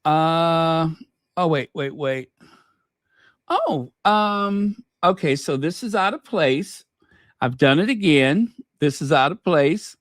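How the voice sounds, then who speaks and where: A woman's voice: deep voice, expressive, slow, no room sound, clean studio sound. A woman hosting a casual commentary channel, chatting and teasing while fumbling to find clips.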